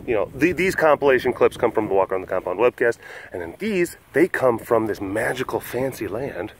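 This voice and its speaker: A rambling, animated man hosting. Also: mid-range voice, a little hiss or hum. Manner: rambling, chuckles often, many restarts. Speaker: host. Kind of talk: casual rambling podcast chat. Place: animal compound.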